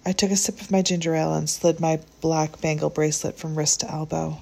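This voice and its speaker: A woman narrates a short story in a calm, measured manner. Her voice sits low and carries a gravelly, husky texture. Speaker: audiobook narrator. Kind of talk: reading a short story aloud.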